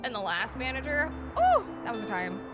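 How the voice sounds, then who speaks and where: A young adult woman streaming a game, chatting playfully and reading chat aloud, sometimes softening into a quiet mock accent. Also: a little high, huge pitch swings, fairly quick. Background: game music playing.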